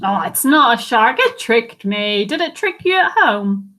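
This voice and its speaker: A woman teacher reading a picture book aloud to children, animated and asking them questions. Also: on the high side, a little slow. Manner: animated, asks listeners questions. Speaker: primary school teacher.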